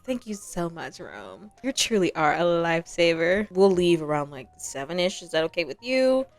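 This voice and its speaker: A young woman sim in a life-simulation game, unsure and a little pleading as she asks for help, voiced by a woman. She talks in a low-ish, everyday voice, stalling and hesitating over her words. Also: very animated, moderate pace, soft background music. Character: flustered young woman sim needing money.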